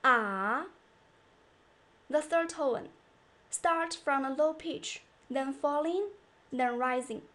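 High-pitched woman teaching a lesson, talks real slow and clear. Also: fairly even intonation. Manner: slow, carefully enunciated, demonstrating tones. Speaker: Chinese teacher. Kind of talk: scripted language lesson.

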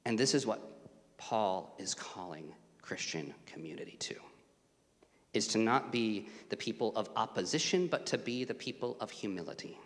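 A man preaching a sermon in a church sanctuary, his voice carrying a long hall reverb. He is animated, climbing to raised, emphatic passages and then dropping to hushed asides. His pitch sits mid-range for a man. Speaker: guest preacher, student ministry director.

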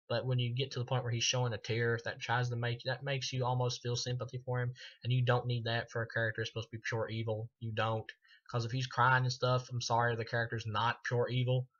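A man giving a casual, rambling film review, swearing freely and filling pauses with ums and uhs. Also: mid-range voice, a bit bright, lo-fi sound.

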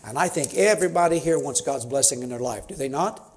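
A man's voice: mid-range voice, quick pace. A man in his fifties, a missionary preaching a sermon in church, folksy and conversational, building to emphatic preaching. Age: 50s. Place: church sanctuary.

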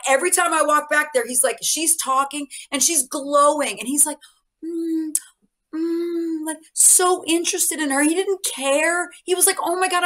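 High-voiced woman in her 50s, coach on a podcast, punchy and emphatic, tells stories big. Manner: energetic, emphatic, animated storytelling. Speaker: guest speaker and coach. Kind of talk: podcast interview.

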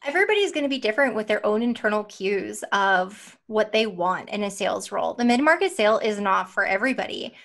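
A woman of middle pitch talks with emphatic business energy and drives her points home by repeating phrases. She often drops "like" into her sentences. She speaks as a confident podcast guest. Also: lively intonation, fairly quick, gravelly, few pauses, fairly bright tone. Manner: uses "like" as a filler. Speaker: sales consultancy CEO, guest.

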